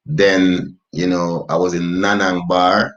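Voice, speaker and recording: A man who DJs and sings, with a London accent carrying Jamaican inflection, telling stories in a relaxed way with lots of "you know" fillers. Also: deep voice, slow, dull audio. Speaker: DJ and singer guest. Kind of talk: singing his song, then casual interview talk.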